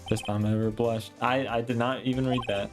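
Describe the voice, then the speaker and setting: A man's voice: mid-range voice, flat delivery, a little fast, music in the background. A man streaming a game live, mocking himself with light chuckles between reading lines. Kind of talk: live gameplay commentary.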